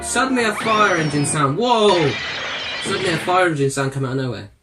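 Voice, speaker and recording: A man's voice: on the high side, lively intonation, fast. Profane, exclamatory man reacting to cartoons. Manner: profane, exclamatory, addressing viewers as guys. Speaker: reaction video host. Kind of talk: casual reaction commentary. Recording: cartoon music playing behind.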